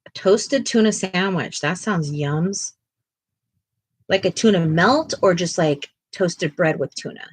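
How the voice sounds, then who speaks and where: A woman hosting a casual livestream, chatting and reading viewer comments aloud, now and then cooing softly to a fussy pet at home. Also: lowish voice, slow pace, husky. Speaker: art channel host.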